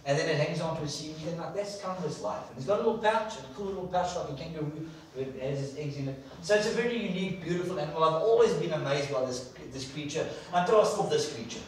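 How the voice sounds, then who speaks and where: A man's voice: a little high, expressive, quick pace, hardly any pauses, slight background noise. A man preaching an enthusiastic sermon in a church, repeating words for emphasis. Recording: echoey church hall from far off.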